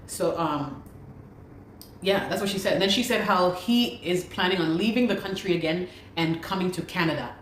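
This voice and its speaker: A woman's voice: on the low side, normal speed, a little hiss or hum. A woman telling her story as a guest, speaking urgently and repeating her pleas. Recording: echoey room recording.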